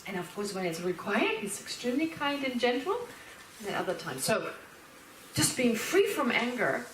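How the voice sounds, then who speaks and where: A woman teaching Buddhist philosophy as a lecture, lively and animated, laughing and acting out little quotes as she explains. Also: on the high side, moderate pace, slight background noise. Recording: roomy hall, speaker far from the mic.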